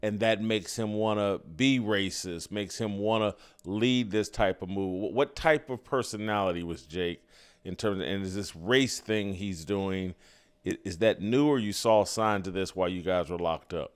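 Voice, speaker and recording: A man hosting an interview, asking earnest, measured questions. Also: on the low side, clear, resonant tone. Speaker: host.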